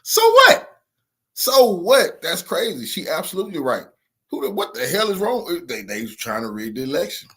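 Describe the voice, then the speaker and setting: A man's voice: on the high side, sing-song, brisk, fairly bright tone. A man hosting a casual reaction chat, blunt, heated and slangy. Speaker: channel host.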